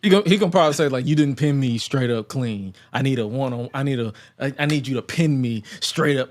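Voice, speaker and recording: A man's voice: medium pitch, quick pace, few pauses. Rambling man in casual chat. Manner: rambling, stumbles and repeats words.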